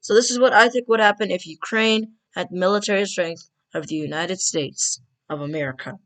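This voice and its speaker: A woman's voice: medium pitch, normal speed, fairly bright tone. A woman casually narrating a map scenario for her video, chatty and joking with many fillers. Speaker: video creator.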